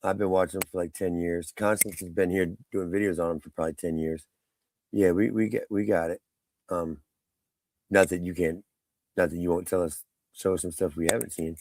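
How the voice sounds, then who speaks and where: Deep gravelly man hosting a livestream. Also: steady tone, a little mellow, slight background noise. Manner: rambling, mocking, quick to call out chat. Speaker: livestream host. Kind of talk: casual live-stream chat.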